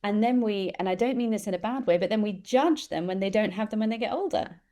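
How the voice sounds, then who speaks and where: Animated woman telling stories. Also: medium pitch, quick pace. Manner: animated storyteller, acts out quoted voices. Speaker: interview guest, empathy expert. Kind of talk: conversational storytelling.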